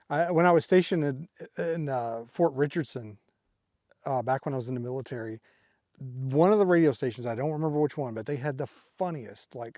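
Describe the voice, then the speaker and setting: A middle-aged man vlogging from a campsite, telling rambling stories full of fillers in an easygoing voice. His voice sits at an ordinary middle pitch. The sound is dry and close, with no room echo. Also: dark tone. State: tired from a sleepless night. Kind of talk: casual vlog storytelling. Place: outdoor campsite by water.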